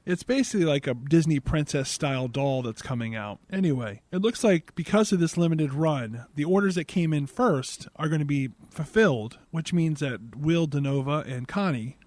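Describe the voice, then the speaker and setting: A man hosts a podcast and recaps a film in a sarcastic, exasperated way. His voice sits a little high, and the recording is dry and close with no room sound. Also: lively intonation, normal speed, few pauses, darkish tone, no echo. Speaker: podcast host. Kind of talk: casual movie recap.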